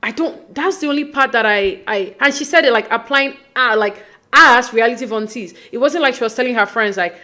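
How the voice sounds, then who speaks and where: A woman's voice: a little high, normal speed, pushed and bright. A woman hosting a casual podcast recap of a reality show, chatty and opinionated, with lots of fillers and restarts. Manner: acts out quoted lines with mock voices.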